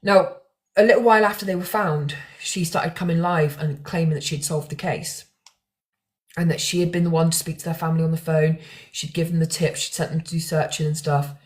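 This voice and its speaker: A woman's voice: sits low, fairly even intonation, a little fast. A young woman talking to camera about true crime, emotional and rambling, with restarts and fillers. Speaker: true crime content creator. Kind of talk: casual talk to camera.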